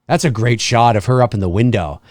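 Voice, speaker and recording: A man's voice: medium pitch, a little fast, a little mellow, no echo, studio quality. A man co-hosting a live film commentary in a laid-back way, chuckling often and reading viewer comments aloud. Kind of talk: live movie commentary chat.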